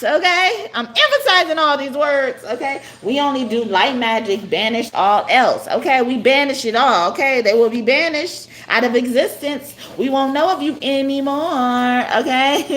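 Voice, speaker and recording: A woman's voice: medium pitch, a bit bright. A woman giving a live spiritual card reading, chatty, often tagging her lines with "okay?" and laughing. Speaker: tarot card reader.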